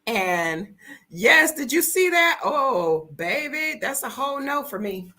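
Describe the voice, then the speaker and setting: Lively, bright-voiced woman vlogger. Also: slow. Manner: animated storytelling, swooping up into high exclamations; colloquial, joking, talks to viewers as y'all. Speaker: travel vlogger. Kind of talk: casual chat to camera.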